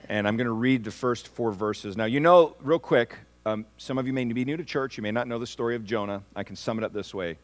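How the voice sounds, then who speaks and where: A pastor preaching a sermon to his congregation, his voice at a middling pitch for a man. He swells from near-hushed, drawn-out phrases to loud, climbing peaks. He keeps asking the room to answer back. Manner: asks the congregation for responses.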